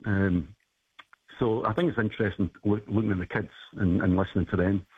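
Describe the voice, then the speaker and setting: A man calling in to a radio show, reminiscing casually with a husky voice and frequent hesitations. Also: fairly low pitch, steady tone, a little fast. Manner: reminiscing, hesitant with many ums. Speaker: caller. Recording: tinny phone line.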